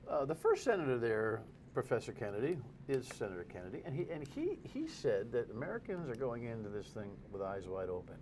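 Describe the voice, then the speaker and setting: A man's voice: mid-range voice, a little fast, hardly any pauses, slight background noise. A man hosting a talk radio show, delivering a sarcastic, opinionated monologue. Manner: sarcastic, animated, mocks with repeated phrases.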